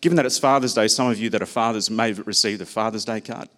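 In a low voice, a man delivers a sermon that feels personal and conversational, weaving in stories about his own family. He talks fast, and his tone is slightly bright.

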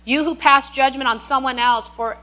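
A woman delivers a sermon in a high, ringing voice. She is emphatic, repeats key lines for weight, and breaks into animated asides. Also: moderate pace. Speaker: preacher.

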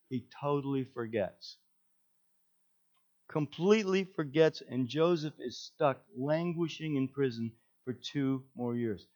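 Guy preaching, lively storytelling, kinda high voice, dull lo-fi sound. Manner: animated storytelling, acts out quotes. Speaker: pastor. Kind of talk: sermon.

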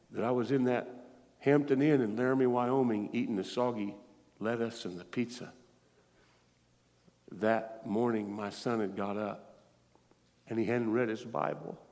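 A man's voice: medium pitch, darkish tone. Earnest preacher man in reverberant church. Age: middle-aged. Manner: earnest, pleading, storytelling. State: tearful. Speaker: guest preacher. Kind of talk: emotional sermon. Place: church sanctuary.

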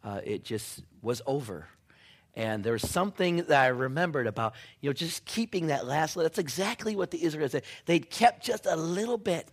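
A man preaching a sermon in a chatty storytelling way, full of "you know" and "like", and dropping to a hush now and then. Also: a little high, expressive, fairly quick. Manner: conversational storytelling with many fillers, sudden drops to a hush.

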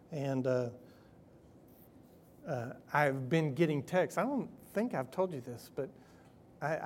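Folksy pastor telling a story. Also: male voice, on the high side. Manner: folksy, conversational, with chuckles and animated quoted voices. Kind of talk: sermon storytelling.

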